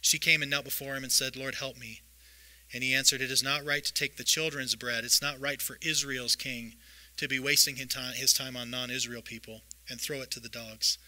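A man preaching a sermon, reading scripture aloud and retelling the stories in a lively way. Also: mid-range voice, a little fast, poor audio. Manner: lively storytelling, reads scripture aloud with voiced asides. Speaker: pastor.

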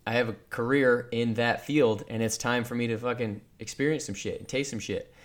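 A man's voice: medium pitch, steady tone, a little fast. A man co-hosting a casual podcast chat, rambling and teasing his friend, with frequent swearing. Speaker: podcast co-host.

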